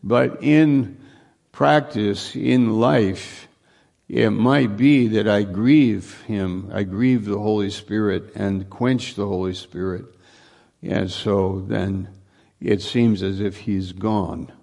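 A male preacher delivers a sermon in a low, gravelly voice. He talks at an unhurried pace, circling back over his points earnestly and rising into emphatic lines. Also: darkish tone.

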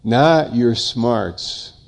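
A man's voice: medium pitch, lively intonation, very slow, gravelly. An older man preaching a sermon, emphatic and given to repeating phrases in long lists.

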